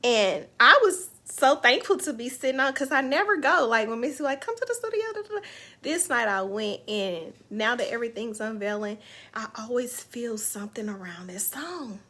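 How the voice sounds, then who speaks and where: Her voice sits a little high with a sharp tone, moving at a moderate pace as she hosts an online live show. The woman chats casually about her faith and her week, emotional and heartfelt throughout.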